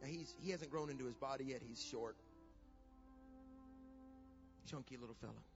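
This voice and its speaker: A middle-aged pastor telling a family story in a sermon, building from quiet storytelling to shouted preaching. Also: male voice, medium pitch, moderate pace, music in the background. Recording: dull lo-fi sound.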